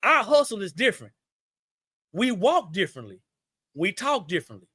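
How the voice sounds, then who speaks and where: A man's voice: high-pitched, very animated, normal speed, sharp tone, breathy edge, no echo, clean studio sound. A man with a Southern US accent, a business owner giving folksy, preachy advice to viewers on a live stream. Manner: preachy and folksy, repeats points, addresses viewers as y'all.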